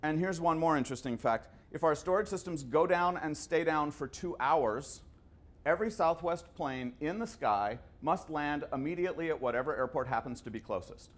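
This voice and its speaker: A man's voice: a little high, expressive, moderate pace. A man in his fifties giving a conversational lecture full of anecdotes, often stumbling and repeating his words. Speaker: guest lecturer. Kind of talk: storytelling lecture.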